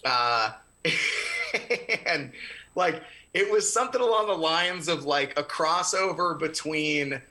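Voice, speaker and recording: A man talking as a podcast guest in casual conversation, animated, laughing often and swearing casually. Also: on the high side, slow pace.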